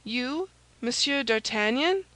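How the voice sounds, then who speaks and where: Woman doing a shrill, panicky young servant lad, audiobook. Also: animated, slow pace, pushed and bright, no room sound, full character voice, poor audio. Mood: astonished.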